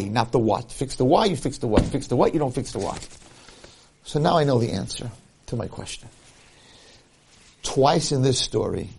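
During a Torah lecture, a rabbi tells a story, animatedly acting out its characters and repeating key points for emphasis. He has a mid-range voice with vocal fry, and there's slight background noise.

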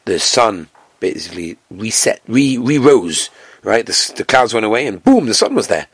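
A man teaching a Talmud class with Yeshivish Ashkenazi Hebrew pronunciation, reading the text and telling the story with animated storytelling. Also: normal speed, breathy edge, no echo. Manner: animated storytelling, acting out characters with big jumps in pitch.

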